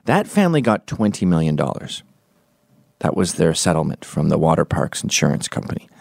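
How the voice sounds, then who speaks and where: A man's voice: a bass voice, very animated, a little fast, creaky, darkish tone, dry recording, clean studio sound. A man in his forties doing a profane, opinionated comedic podcast monologue, slipping into quoted voices as he tells stories. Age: 40s. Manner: acts out quoted voices mid-story.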